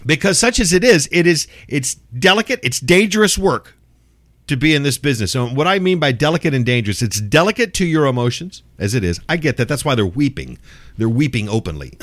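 A middle-aged host rants in an exasperated, profanity-laced monologue, full of sarcasm. His pitch rises and falls a lot as he talks. The recording is close and dry. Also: very animated, a little fast, fairly bright tone, dry recording. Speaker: show host. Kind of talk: ranting monologue.

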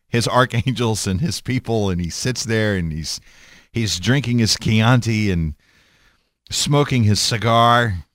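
Animated, sarcastic man ranting. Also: mid-range voice, no room sound, clean studio sound. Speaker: commentator. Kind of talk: irreverent rant.

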